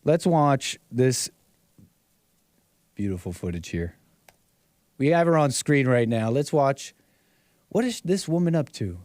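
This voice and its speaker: A man's voice: medium pitch, sing-song, measured pace, long pauses, darkish tone, dry recording, studio quality. A man hosting a call-in livestream show, talking casually in a rambling way, repeating phrases and chuckling often. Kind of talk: casual talk-show commentary.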